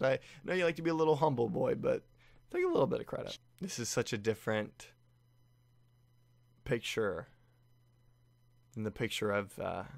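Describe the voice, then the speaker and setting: A young man giving casual reaction commentary on an anime, excited and laughing, briefly mimicking the characters' lines. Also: medium pitch, gravelly, dry recording.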